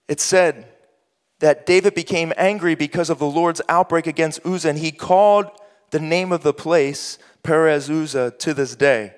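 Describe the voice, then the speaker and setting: High-voiced preacher in a reverberant hall. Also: male voice. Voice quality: preaches in rising bursts, quoting imagined voices. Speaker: pastor. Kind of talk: sermon.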